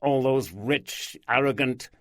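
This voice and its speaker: A man's voice: mid-range voice, slow, dry recording, clean studio sound, pitched above the performer's own voice, lightly acted. A man voicing a blunt, plain-spoken middle-aged Yorkshire detective.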